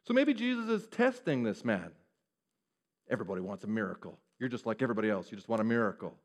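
A man preaching a sermon who keeps asking the listeners questions and moves between hushed and raised delivery. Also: lowish voice, big pitch swings, fast talker. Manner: asks the listeners rhetorical questions.

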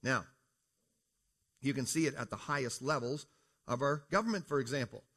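A preacher from Canada, mid-range in pitch with a fairly bright tone, talks at a moderate pace to his congregation about creation apologetics. He asks the listeners questions, calls them "folks", and keeps the mood casual.

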